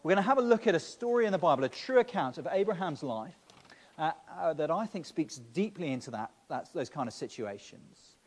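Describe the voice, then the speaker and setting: A man's voice: a little high, lively intonation, brisk. A man preaching a sermon, speaking to the children directly and often repeating words as he starts phrases. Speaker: pastor. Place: church. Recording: long reverb of a church hall.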